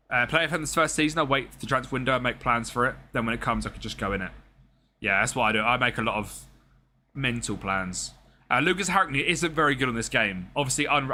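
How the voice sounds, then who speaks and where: Chatty and slangy, a male gaming streamer narrates his play and addresses the characters on screen. His medium-pitched voice is pushed and bright, with a little hiss or hum in the background.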